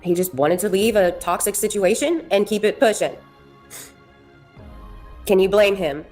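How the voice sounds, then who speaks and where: A woman's voice: mid-range voice, a little slow, darkish tone. A woman with a mid-range voice lays out her side of a feud on a livestream. She argues firmly and steadily, with faint music playing behind her. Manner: firm, argumentative. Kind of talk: explaining on a livestream.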